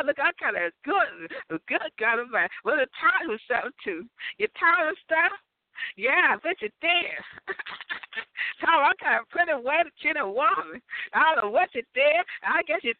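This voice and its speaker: A woman's voice: high-pitched, dry recording. A woman giving a rambling, profane comic rant, laughing often between lines. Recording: tinny phone-like audio, dry.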